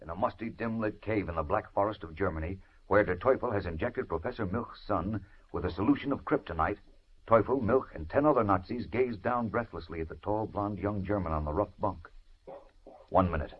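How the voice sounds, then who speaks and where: A man's voice: deep voice, breathy edge. A man narrating a 1940s radio adventure serial in a dramatic, suspenseful manner. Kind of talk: scripted narration. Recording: muffled old radio broadcast.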